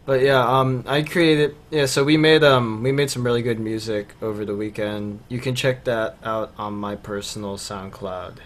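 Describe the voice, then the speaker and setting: A man's voice: mid-range voice, fairly even intonation, normal speed, hardly any pauses. Rambling young man on a podcast. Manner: loose and rambling, many fillers. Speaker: podcast co-host. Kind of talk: casual chat.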